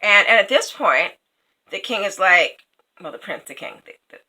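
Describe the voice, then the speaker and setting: A woman's voice: medium pitch, very animated, moderate pace, pushed and bright, rough recording. A woman casually retelling a fairy tale, chatty, with many fillers and asides. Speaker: storyteller.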